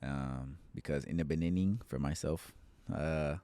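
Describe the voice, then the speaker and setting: A young man telling a personal church story in relaxed, earnest podcast chat. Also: extremely low pitch, measured pace, clean tone, no room sound. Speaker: church member, podcast guest.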